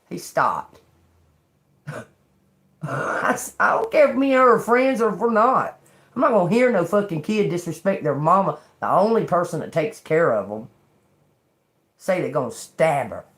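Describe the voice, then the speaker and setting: A woman hosting a tarot livestream, chatting casually and reading Bible verses aloud. She talks in a loose, profane way, laughs often, and swings between loud outbursts and low muttered asides. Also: big pitch swings, moderate pace, pauses often. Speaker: tarot reader and livestream host.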